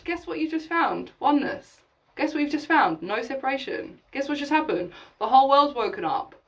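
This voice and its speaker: High-voiced woman preaching from the mic. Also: expressive, fairly quick, recorded from a distance, poor audio. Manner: emphatic and preachy, swears casually, acts out imagined dialogues. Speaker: spiritual teacher hosting a live session. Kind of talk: live-streamed spiritual talk.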